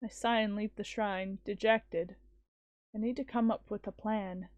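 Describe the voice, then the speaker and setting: A woman streaming a visual novel, reading it aloud with expressive, casual commentary. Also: mid-range voice, measured pace, dry recording, lo-fi sound. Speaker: let's-play streamer.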